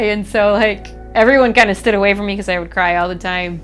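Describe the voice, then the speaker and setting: A young woman from Chicago telling her personal story in a documentary interview, candid and reflective, halting often with fillers. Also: medium pitch, steady tone. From Chicago, USA. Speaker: MMA fighter. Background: faint background music.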